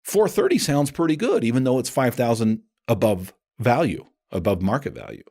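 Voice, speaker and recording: A man's voice: medium pitch, moderate pace. A man hosting a coaching podcast, talking casually and chattily with lots of restarts. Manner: animated, chatty, many restarts. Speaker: podcast host and appraisal coach. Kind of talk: casual instructional podcast talk.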